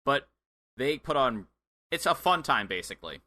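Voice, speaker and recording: Excitable bright-voiced male podcast co-host. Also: medium pitch, normal speed. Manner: excitable, chatty, filler-heavy. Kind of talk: casual chat.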